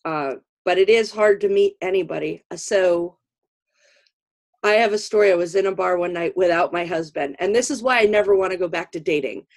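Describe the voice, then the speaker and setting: A woman's voice: fairly low pitch, brisk. A middle-aged woman hosting a podcast, telling stories in casual chat and laughing often. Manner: animated storyteller, laughs often. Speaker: podcast host.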